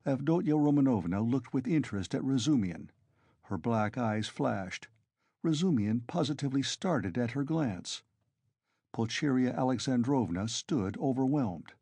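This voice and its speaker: A man narrating a classic novel as an audiobook, in measured storytelling. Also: medium pitch, lively intonation, dark tone, husky, dry recording. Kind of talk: scripted narration.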